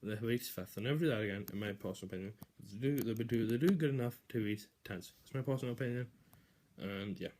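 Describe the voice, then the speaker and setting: A man's voice: on the low side, quick pace, a little mellow, slight background noise. A young man casually giving football predictions, rambling, swearing and restarting sentences often.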